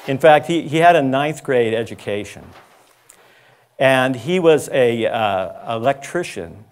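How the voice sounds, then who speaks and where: A man giving a conference lecture, telling an anecdote in a loose, conversational way, with restarts and asides. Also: medium pitch. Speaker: conference speaker. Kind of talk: storytelling lecture. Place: school conference talk.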